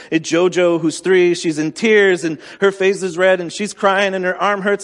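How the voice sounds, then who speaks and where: A man's voice: fairly high pitch, normal speed, in a large hall. A man preaching a sermon as pastor, candid and self-deprecating in a conversational way.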